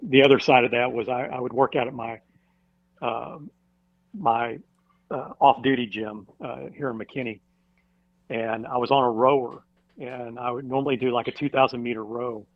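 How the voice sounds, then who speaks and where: A firefighter, a guest on a podcast, telling a personal story in a casual interview, halting with many fillers and restarts. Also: male voice, medium pitch, steady tone, no room sound. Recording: dull dry recording.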